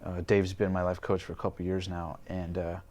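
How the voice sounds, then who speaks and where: Young man, twenties, lowish voice, podcast guest, candid storytelling, salty language. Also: completely flat delivery, a little fast, darkish tone. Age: 20s. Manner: swears freely, acts out his past thoughts.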